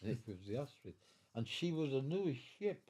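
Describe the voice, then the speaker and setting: A man's voice: mid-range voice, very animated, brisk, darkish tone. A man in his nineties telling his life story at home in an interview, rambling and restarting as he goes. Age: 90s. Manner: rambling, repeats and restarts, chuckles while telling. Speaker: veteran interviewee.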